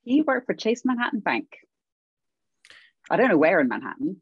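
A middle-aged woman from England with a British accent, talking casually as an interview guest, lively and self-deprecating, laughing often. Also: mid-range voice, moderate pace, breathy edge, no echo, dull audio. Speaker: guest, legal academic.

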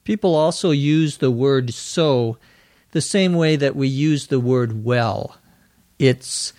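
An American man hosting an English-learning podcast, spelling words out letter by letter and repeating them slowly and clearly. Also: mid-range voice, a little mellow, dry recording, clean studio sound. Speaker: podcast host and English teacher. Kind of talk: slow, carefully enunciated teaching.

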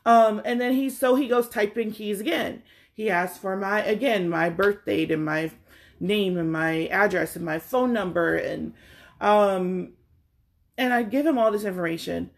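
Middle-aged woman, gravelly fry in her voice, animated, exasperated storyteller who acts out the other people's lines. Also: mid-range voice, measured pace. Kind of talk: casual storytelling chat.

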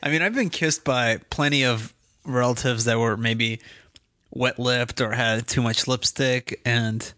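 A man's voice: medium pitch, steady tone, measured pace, sharp tone, no echo, studio quality. A man chatting as a guest on a comedy podcast, rambling and joking. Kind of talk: casual comedic chat.

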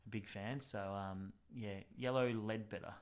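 A man's voice: fairly low pitch, steady tone, normal speed. An Australian man in his forties telling rambling anecdotes in a casual podcast chat. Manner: rambling anecdotes with put-on voices.

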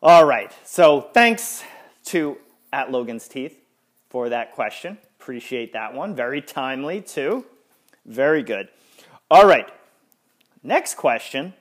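A man's voice: slow, long pauses. A man hosting a sports podcast in casual chat, ranting with exasperation and stumbling restarts. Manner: lively, swinging up and down in pitch. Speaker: podcast host.

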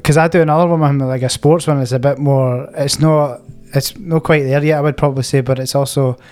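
A man's voice: mid-range voice, steady tone, brisk, a little mellow, faint music behind. Rambling Scottish man telling a story. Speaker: podcast co-host. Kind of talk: casual podcast chat.

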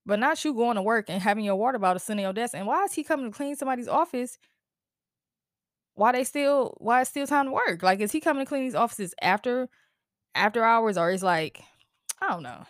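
A heated, cursing woman vents on her casual solo podcast, her voice a little high and her pace moderate, with long pauses. Laughs and sighs run through the animated rant, and the studio recording has no room sound.

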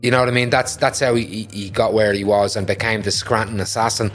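A man's voice: lowish voice, little pitch movement, fast, a bit bright, faint music behind. A man hosting a casual podcast chat, joking and swearing often. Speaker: podcast host.

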